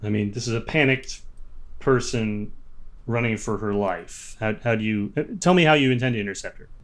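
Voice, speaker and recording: A man running a tabletop game as game master, narrating events with hesitant pauses and filler words. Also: lowish voice, fairly bright tone. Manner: hesitant, lots of ums and uhs.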